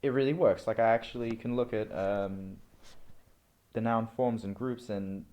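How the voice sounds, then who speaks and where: Over dull audio, a man with a low-leaning, slightly mellow voice speaks at a moderate pace in a steady tone. He vlogs about language learning, chatting through a screen-recorded study session, wandering off on tangents and fixing his own mistakes along the way.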